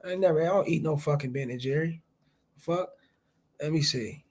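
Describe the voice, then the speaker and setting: A man's voice: a little high, moderate pace. A man around forty hosting a casual livestream, talking profanely and reading viewer chats aloud. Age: late 30s to early 40s. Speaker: livestream host.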